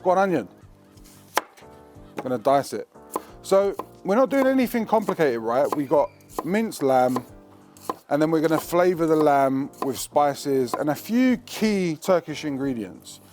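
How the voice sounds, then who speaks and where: A man's voice: fairly high pitch, sing-song, measured pace, over music. A man hosting a cooking show, talking in a slangy, chatty, joking way while he cooks in a kitchen. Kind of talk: casual cooking demonstration.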